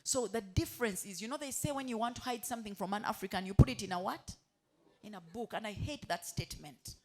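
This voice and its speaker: A woman giving a motivational talk to hotel staff. She keeps asking the room questions and has them finish her sentences. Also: fairly high pitch. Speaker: motivational speaker.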